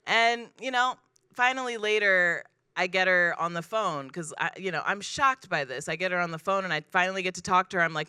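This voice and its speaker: A woman performing a stand-up comedy set on a club stage, deadpan and self-deprecating, acting out the people in her stories. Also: fairly low pitch, normal speed, clean tone, dry recording, studio quality.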